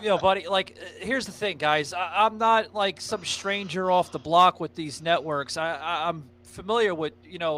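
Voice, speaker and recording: A man hosting a podcast in casual chat, telling stories in a rambling, excitable way and swearing freely. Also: high-pitched. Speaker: podcast host.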